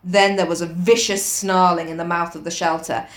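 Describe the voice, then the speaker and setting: A woman reading a novel aloud to a friend at a steady pace, with joking, laughing asides in between. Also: fairly low pitch, normal speed, a little hiss or hum. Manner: reads steadily, often breaks into laughter and swears. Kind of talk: casual read-along with laughing asides. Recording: echoey room.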